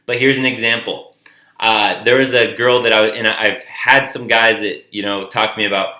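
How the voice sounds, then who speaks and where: A man's voice: medium pitch, steady tone, normal speed, bright, forceful tone, reverberant. A man coaching viewers on relationships in a loose, conversational way, acting out the lines he quotes. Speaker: dating advice coach. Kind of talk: casual advice monologue.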